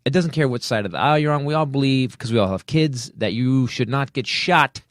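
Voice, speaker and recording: A man's voice: medium pitch, fairly quick, no room sound, clean studio sound. A man hosting a comedy podcast, ranting in a profane, fired-up way between casual banter. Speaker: podcast host. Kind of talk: comedic political rant and casual chat.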